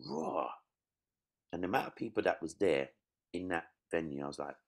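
A man's voice: low voice, brisk, vocal fry. A man, a comedian being interviewed, telling stories casually and acting out quotes. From East London. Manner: animated storytelling, acts out quotes.

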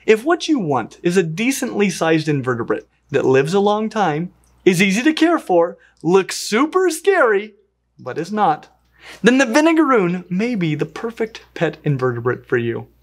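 An enthusiastic pet channel host reviews a pet invertebrate in a casual vlog. The delivery is playful, with lively swings in pitch. The host talks fondly to the animal while handling it. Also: moderate pace.

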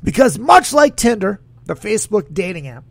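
A man with a high, gravelly voice hosts a casual podcast, rambling and joking crudely. His pitch swings all over the place as he reacts to listener comments. The sound is dry and close. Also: sing-song, moderate pace, dry recording. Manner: rambling, crude, jokey, reads chat comments aloud. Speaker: podcast host. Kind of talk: casual solo podcast chat.

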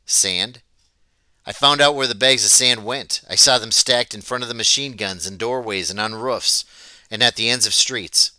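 A man reading a novel aloud as an audiobook, telling it in a plain, steady way. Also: medium pitch, normal speed, dry recording. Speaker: audiobook reader. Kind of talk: storybook read-aloud narration.

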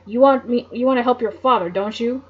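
A man's voice: very high voice, brisk. A woman voicing a hulking, threatening male stranger who growls his warnings, on a dull lo-fi home mic.

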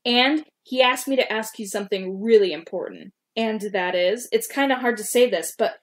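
A woman's voice: fairly high pitch, moderate pace. A woman co-hosting a podcast, casually reading her old fan fiction aloud and stopping to comment on her own writing. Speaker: podcast co-host.

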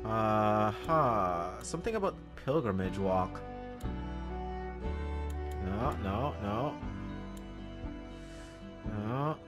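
Male gaming host, lively swinging pitch, casual jokey play-by-play, game music underneath. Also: drawn-out words, long pauses. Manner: chatty, jokey, talks to himself and the dog, excitable outbursts. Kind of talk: casual gameplay commentary.

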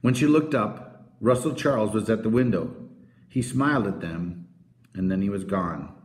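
Male narrator for a children's book, expressive, animated pitch, roomy echo. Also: normal speed. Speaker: audiobook narrator. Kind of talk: scripted narration of a children's novel.

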